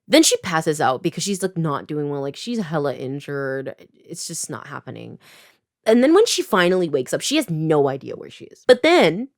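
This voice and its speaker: A woman's voice: low-pitched, dry recording, clean studio sound. A woman in her twenties from Canada, giving a casual plot recap with sarcastic asides and a lot of "like" fillers. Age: 20s. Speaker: writer and video creator.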